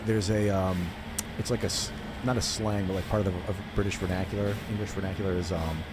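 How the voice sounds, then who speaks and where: This young man, a gaming streamer, talks briskly in a low voice with fairly even intonation while he plays. His chat is casual and rambling, heavy on fillers and the word "like," and the recording is very noisy.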